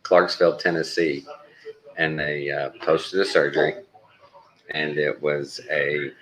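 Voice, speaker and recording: A man's voice: rumbling low, level tone, measured pace, a bit bright, poor audio. A middle-aged man from Texas, rambling through laid-back work stories in casual chat, swearing now and then. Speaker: traveling surgical tech.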